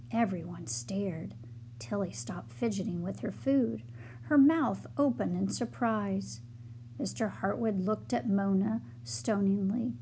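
A woman reading a children's chapter book aloud in a gentle, unhurried storytelling manner. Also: mid-range voice, a little hiss or hum. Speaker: storybook reader.

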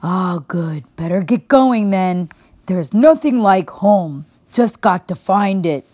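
Woman doing Brumble, an old gravelly bear. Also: lowish voice, lively intonation, takes it slowly, warm tone, no room sound, clean studio sound. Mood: weary, muddled. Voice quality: gravelly, tired drawl. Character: huge, very old, sleepy, forgetful male bear.

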